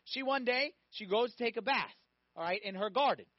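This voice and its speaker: Man, very high voice, preaching, animated storytelling, dull dry recording. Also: brisk, no room sound. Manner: animated storytelling, acting out voices, asks audience questions. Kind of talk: sermon.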